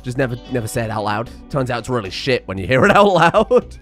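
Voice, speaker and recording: A young man giving excitable, sarcastic let's-play commentary and laughing often. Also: mid-range voice, fast talker, faint music behind. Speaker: gaming channel host.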